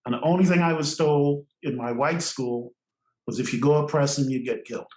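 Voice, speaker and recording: An older man from Trinidad, a podcast guest, telling stories in an animated way and laughing often between phrases. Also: a little high, fairly quick, reverberant, poor audio. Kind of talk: storytelling interview.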